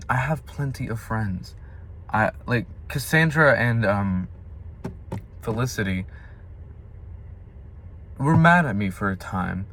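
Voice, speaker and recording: In a vlog with slight background noise, a young man with a fairly low voice shares an earnest, confessional reflection on his faith. Every so often his words burst out loud and impassioned.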